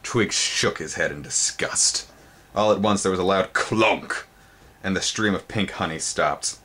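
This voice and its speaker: Man, very low voice, dramatic storybook reading, theatrical pitch jumps, shows the pictures. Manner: theatrical, sudden pitch jumps on exciting words; pauses to show the book's pictures. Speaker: storybook reader.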